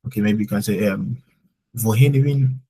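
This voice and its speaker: A man's voice: on the low side, moderate pace, mellow, slightly rough, poor audio. A man teaching German in a live online lesson, explaining patiently with lots of "like" fillers.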